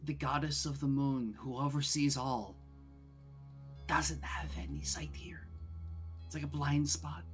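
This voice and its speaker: The game master puts on a grave woman of the moon goddess, speaking low and urgent in a spoken tabletop role-play. Her voice sits in an ordinary middle register, with faint music playing behind. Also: measured pace, long pauses, natural voice.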